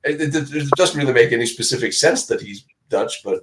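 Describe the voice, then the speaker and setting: A middle-aged man from Denmark chats on a live stream at a mid pitch. He tells stories in a chatty way and acts out the voices in them. He laughs often as he talks. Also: brisk, noisy background. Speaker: co-host of live chat. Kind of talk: casual live-stream chat.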